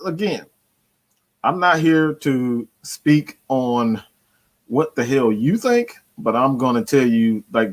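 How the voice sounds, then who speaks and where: A man's voice: medium pitch, fairly bright tone. A man hosting a fan channel, ranting about his team with slang, swearing and lots of repetition. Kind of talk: profane sports fan rant.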